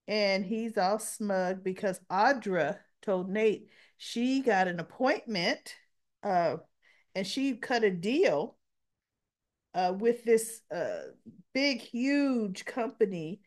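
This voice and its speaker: A woman chatting casually as she recaps a soap opera into her camera mic, with offhand, dismissive asides. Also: medium pitch.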